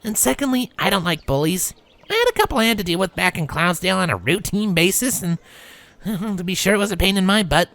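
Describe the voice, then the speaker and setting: A man's voice: sits high, sing-song, fairly quick, creaky, fairly bright tone, voice pushed up, heavily acted. A man voicing a brash, blunt young pegasus mare in a fanfiction reading, with a raised, teasing voice. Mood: breezy.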